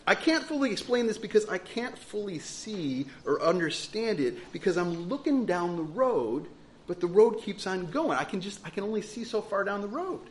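Guy preaching a sermon, kinda high voice, really animated, keeps asking big questions. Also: moderate pace, a little hiss or hum. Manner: rhetorical questions, emphatic and earnest. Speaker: pastor.

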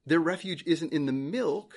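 A man's voice: on the high side, normal speed. A male pastor preaching a sermon in church, earnest, repeating phrases for emphasis.

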